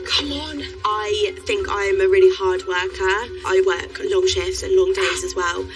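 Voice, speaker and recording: A woman's voice: mid-range voice, steady tone, a little slow. A woman, a reality show contestant, talking to herself frantically while she works, exhausted and out of breath. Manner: frantic, strained, self-talking while working. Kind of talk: casual on-the-spot commentary. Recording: distant mic under music bed.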